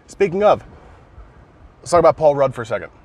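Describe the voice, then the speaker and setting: Recorded in a car, a man excitedly retells movie scenes in casual conversation, swearing often. His voice is a little high and fairly quick.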